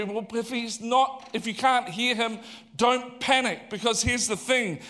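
A man preaching a sermon in an animated, conversational way, asking the audience questions. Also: extremely high pitch, unhurried. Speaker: pastor.

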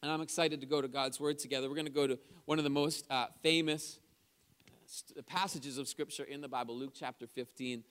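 A man preaching a sermon in a church service, energetic and chatty, calling out to the congregation between stories. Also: medium pitch, a little fast, clear, resonant tone. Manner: chatty storytelling asides. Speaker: pastor.

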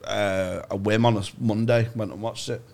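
A man's voice: lowish voice, fairly even intonation, normal speed, gravelly, darkish tone. A man co-hosting a comedy podcast, chipping in with blunt one-liners. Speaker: podcast co-host. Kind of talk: casual chat.

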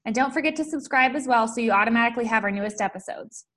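A woman co-hosting a podcast, chatting casually in a teasing way and laughing quickly. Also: on the high side, a bit bright. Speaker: podcast co-host. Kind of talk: casual chat.

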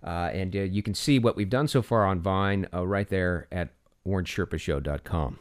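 A man's voice: low-pitched, moderate pace. A man co-hosting a casual podcast, joking and retelling a viral clip with animation. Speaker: podcast co-host.

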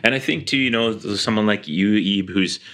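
Low-voiced male podcast host. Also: moderate pace, a little hiss or hum. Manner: rambling, warm questions with many fillers. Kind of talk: casual interview.

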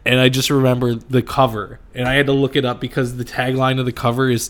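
Male podcast host, mid-range voice, relaxed, laughs easily between points. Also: medium pitch, fast talker, few pauses. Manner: laughs often, hesitant fillers. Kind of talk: casual movie chat.

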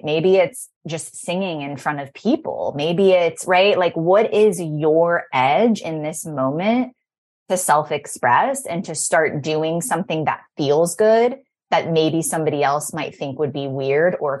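A woman podcast host musing out loud in casual conversation, mimicking other people's remarks in playful voices. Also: lowish voice.

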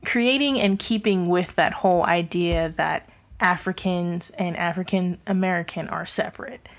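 A woman's voice: fairly low pitch, moderate pace. A young woman co-hosting a podcast, talking in a candid, opinionated way with many fillers and restarts. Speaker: podcast co-host. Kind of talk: casual chat. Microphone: handheld mic.

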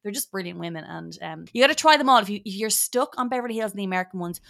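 A woman chatting as a podcast guest, rambling and animated. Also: mid-range voice, very fast, gravelly. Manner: rambling, animated, drops into mock voices. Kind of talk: casual chat.

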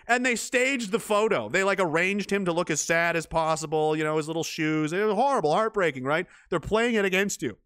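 A man's voice: high-pitched, lively intonation, brisk, fairly bright tone, no echo, clean studio sound. A man hosting a livestream, talking casually and reading out viewer comments, ranting and swearing. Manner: profane, ranting, mocking voices. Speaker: livestream host.

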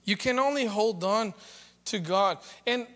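A man preaching a sermon, conversational and joking, building to loud, emphatic preaching. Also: high voice, unhurried. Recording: long reverb of a large hall.

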